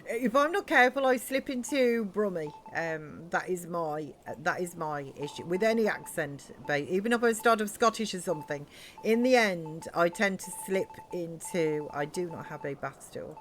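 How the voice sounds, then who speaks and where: A woman's voice: fairly low pitch, animated, moderate pace, a little hiss or hum. A woman streaming a building game, chatting casually and thinking aloud with many ums. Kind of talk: casual live-stream chat.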